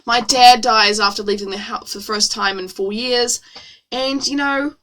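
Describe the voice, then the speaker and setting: A woman voicing a grieving young redheaded woman in flat, deadpan sarcasm. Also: a little high, moderate pace, close to an everyday voice. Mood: sarcastic.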